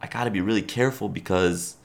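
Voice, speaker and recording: Low-voiced man chatting about rec-league ball. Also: quick pace, gravelly. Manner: rambling, chuckling, filler-heavy. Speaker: podcast co-host. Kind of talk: casual sports chat.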